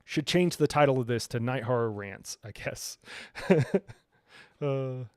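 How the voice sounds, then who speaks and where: A man's voice: medium pitch, a little slow, a little mellow, clear, resonant tone, dry recording, studio quality. A man hosting a live stream, chatting casually about a game in a rambling way, full of fillers and frequent chuckles. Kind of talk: casual gaming reaction chat.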